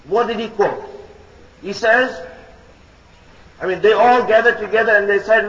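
High, bright male preacher; emphatic, repetitive sermon delivery in an echoing hall. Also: moderate pace, long pauses. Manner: emphatic, repeats key phrases; addresses listeners as brothers and sisters. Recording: echoey hall, dull lo-fi sound.

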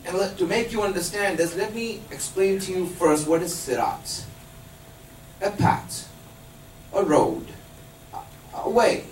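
His voice sits high, and he speaks a little slowly with long pauses. As a religious teacher before a live group, he explains patiently and quizzes his listeners. Slight background noise, an echoey room, and a distant mic mark the recording.

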